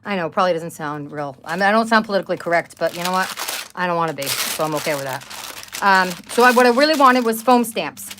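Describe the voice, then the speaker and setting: A woman's voice: fairly low pitch, animated, fast talker, noisy background. Chatty middle-aged woman host. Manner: chatty, rambling, exclaims over items. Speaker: craft channel host. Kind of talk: casual live-stream chat.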